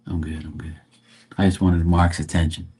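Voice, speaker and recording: A man voicing his dramatic, attention-seeking female dog in a low, smug tone. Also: level tone, normal speed, darkish tone, slightly rough.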